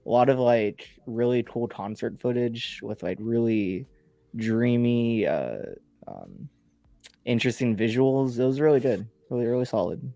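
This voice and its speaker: Raspy-voiced sick male co-host. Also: medium pitch, expressive, dark tone, no room sound. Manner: easygoing, halting with fillers. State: hoarse from illness. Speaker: podcast co-host. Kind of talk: casual film chat.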